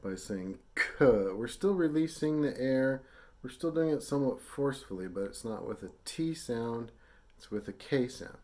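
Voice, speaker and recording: Patient man teaching brass, mellow voice. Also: medium pitch, normal speed. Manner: patient, demonstrates syllables aloud; casual with frequent fillers. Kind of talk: instructional lesson.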